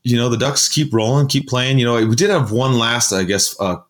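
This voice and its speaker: A man's voice: medium pitch, normal speed. A man co-hosting a casual sports podcast, talking in a loose, rambling way with lots of fillers and restarts. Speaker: podcast co-host.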